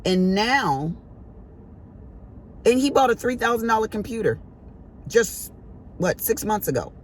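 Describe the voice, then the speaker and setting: A woman's voice: a little high, big pitch swings, a little slow, slight background noise. A middle-aged woman vlogging, telling a family story to her viewers in a chatty, emphatic, colloquial way.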